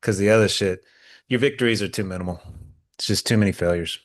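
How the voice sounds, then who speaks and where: A man's voice: fairly low pitch, fast talker, no echo. Blunt, profane man on a podcast. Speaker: podcast co-host, therapist. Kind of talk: casual podcast chat.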